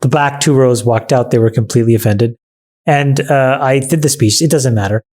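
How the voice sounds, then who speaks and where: A man's voice: medium pitch, fairly quick, a little mellow. A man co-hosting a podcast in casual chat, talking bluntly and swearing freely. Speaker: podcast co-host.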